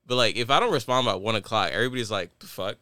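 A man's voice: medium pitch, very fast, sharp tone, clean tone, no room sound, studio quality. A young man co-hosting a podcast in casual chat, laid-back and wry. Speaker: podcast co-host.

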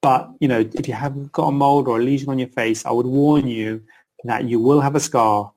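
Rambly middle-aged surgeon guy, a bit of fry in his voice, answering questions online. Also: mid-range voice, steady tone, fairly quick, darkish tone. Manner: chatty, rambling, self-interrupting. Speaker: plastic surgeon. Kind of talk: live Q and A chat.

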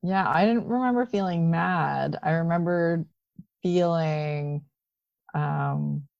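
A woman with a very low voice talks in a casual chat. She speaks in a reflective way and keeps checking in with her listener. The recording is dry and a little dull. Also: slow, gravelly, darkish tone, dry recording. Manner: conversational, reflective, often ends with "right?". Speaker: podcast co-host.

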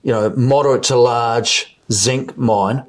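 A man's voice: medium pitch, fairly even intonation, slow. A man from New Zealand with a New Zealand accent, a mining company executive answering questions in a conversational interview, often repeating words as he explains.

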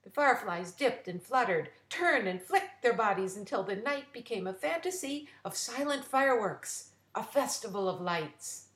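A woman's voice: on the high side, animated, normal speed, few pauses, fairly bright tone. Woman reading a children's story. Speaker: storyteller and writer. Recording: roomy echo.

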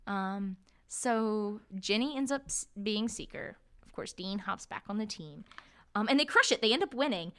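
A woman's voice: medium pitch, lively intonation, moderate pace, bright, forceful tone, clear, resonant tone. A young woman co-hosting a podcast, chatting casually about a book and acting out quotes. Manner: chatty, many fillers, acts out quotes. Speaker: podcast co-host. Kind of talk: casual book-discussion chat.

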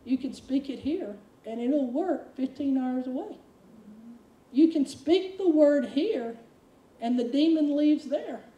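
A woman's voice: sits high, slow, highs cut off. A woman preaching a sermon, telling stories and acting out quoted lines with energy. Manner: storytelling, animated quoting. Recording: echoey room, from far off.

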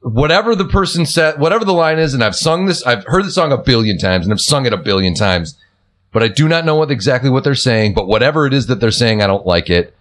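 A man's voice: medium pitch, lively intonation, fast, fairly bright tone. A man co-hosting a casual podcast, teasing his friends and drawing out his stories. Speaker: podcast co-host. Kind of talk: casual chat.

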